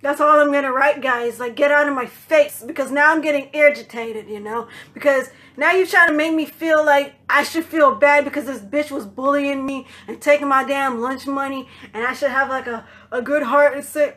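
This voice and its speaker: A woman with a high voice tells a personal story straight to the camera. She talks in a loose, casual way, swears freely, and puts on other people's voices when she quotes them. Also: moderate pace, few pauses. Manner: animated, swearing, acts out quoted voices in higher pitch. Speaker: vlogger telling a personal story.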